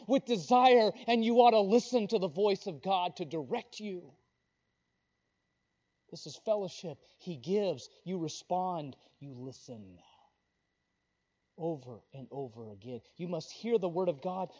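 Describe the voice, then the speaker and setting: A man preaching a sermon with fervent emphasis, dropping to a hush and then rising loud. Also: high-pitched, animated, moderate pace. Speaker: pastor. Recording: dull lo-fi recording.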